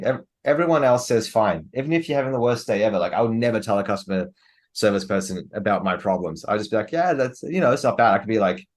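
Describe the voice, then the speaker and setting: Relaxed low-voiced man chatting casually. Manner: relaxed, heavy use of "like" fillers. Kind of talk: casual chat.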